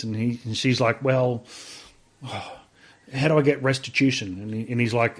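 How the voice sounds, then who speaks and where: A man's voice: medium pitch, steady tone, moderate pace. A man with an Australian accent, a podcast guest telling a story in casual talk, blunt and profane, full of fillers.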